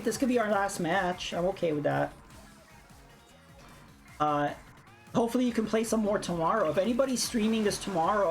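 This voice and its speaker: Woman streamer, lowish voice, blunt and sweary, casual gaming rant, faint music behind. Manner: ranting, blunt, swears freely. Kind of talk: casual live-stream chat while gaming. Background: faint game music.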